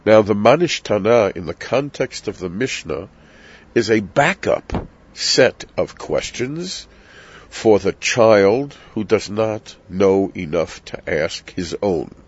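An older man with a very deep voice teaches about the Passover Seder in an unhurried, storytelling way. His asides have a dry, self-mocking humor. The sound is dull and lo-fi. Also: animated, breathy edge. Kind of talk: reflective spoken teaching.

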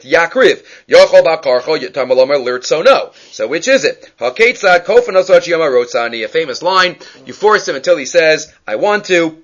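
A man leads a Talmud class, chanting the source lines and then breaking into easy, rambling explanation. His voice sits somewhat high for a man. The recording is dull and lo-fi. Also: fairly bright tone. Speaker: Talmud teacher.

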